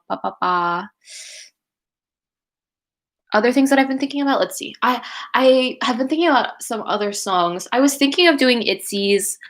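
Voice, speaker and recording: A young woman chats through a livestream, reading viewer comments aloud. She gushes easily and scatters her talk with fillers, in a voice of ordinary middle pitch for a woman. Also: fairly bright tone. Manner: chatty and gushing, many "like"s and "oh my God"s. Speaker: livestream host and cover singer.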